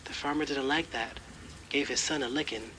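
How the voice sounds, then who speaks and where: Pumpkin, man actor, bright tense voice, matter-of-fact, resigned, faint rain behind. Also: medium pitch, normal speed, a little hiss or hum, natural voice, rough recording. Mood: wistful. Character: square talking pumpkin, male, gentle, resigned. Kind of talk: audio drama acting.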